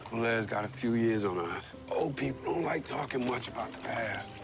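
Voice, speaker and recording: An actor playing a brooding, gentle adult male vampire in a drama series, speaking quietly and with measure. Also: medium pitch, moderate pace, heavy background noise, natural voice. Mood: somber.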